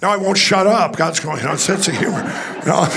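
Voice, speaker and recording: Male speaker on a conference stage, gravelly tone, tells stories with lots of restarts. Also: high voice, fairly quick, fairly bright tone. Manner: rambling, restarts, acts out quoted dialogue. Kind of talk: storytelling talk to an audience.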